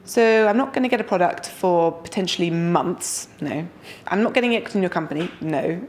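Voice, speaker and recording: A woman's voice: on the low side, normal speed, a little mellow, lightly acted. A woman putting on the voice of a doubting older British woman who questions giving money upfront. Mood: doubtful. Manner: incredulous, questioning.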